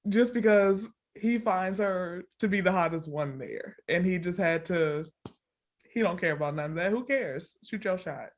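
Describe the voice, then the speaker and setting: Woman podcast co-host, casual storyteller, laughs a lot, acts out the quotes. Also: normal speed. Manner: animated storytelling, acts out quotes with big pitch jumps; laughs often, fills with "like" and "all the things". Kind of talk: casual chat recapping a reality show.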